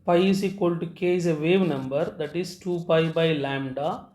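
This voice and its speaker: A man teaching physics, explaining step by step and pausing on "uh" before key terms. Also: fairly high pitch, darkish tone. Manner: halting, frequent "uh" before key terms, repeats phrases. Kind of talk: recorded physics lecture at a board. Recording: echoey room.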